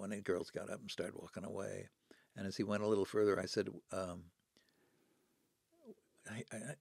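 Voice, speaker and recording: This seventy-something podcast guest has a lowish voice with vocal fry and fairly even intonation, talking a little fast and pausing often. He is a dramatic storyteller, acting out the people he quotes as he chats. The studio sound is clean, without echo.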